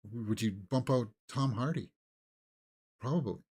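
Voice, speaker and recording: A man co-hosting a movie talk show, chatting casually and thinking aloud with halting restarts. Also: medium pitch, a little mellow, breathy edge. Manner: musing, halting, with fillers and restarts. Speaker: movie news co-host. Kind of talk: casual chat.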